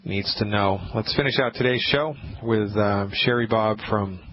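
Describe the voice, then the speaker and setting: A man's voice: on the low side, moderate pace. A man hosting a call-in radio show, talking emphatically and repeating himself for effect as he rants. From Nantucket, USA. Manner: emphatic, repetitive ranting. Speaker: radio talk show host. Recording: dull radio broadcast sound.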